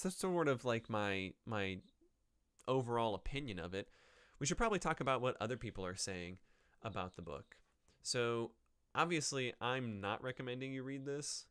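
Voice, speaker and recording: A man's voice: lowish voice, a bit bright, clear, resonant tone, no echo. A man hosting a podcast, chatting casually about a book with hesitant fillers, restarts and wry offhand asides. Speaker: podcast host. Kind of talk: casual book review chat.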